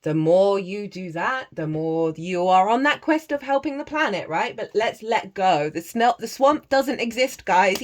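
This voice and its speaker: A woman's voice: mid-range voice, normal speed, slight background noise. A woman reading tarot cards in a casual spiritual talk, chatty, laughing often and breaking into chanted phrases. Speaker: tarot reader.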